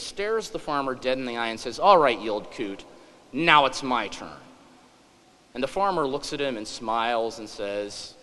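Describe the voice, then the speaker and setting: A man's voice: medium pitch, fairly bright tone. A middle-aged man from western Kansas giving a humorous speech at a conference, with emphatic, joking asides. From western Kansas, USA. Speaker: conference speaker. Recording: echoey hall.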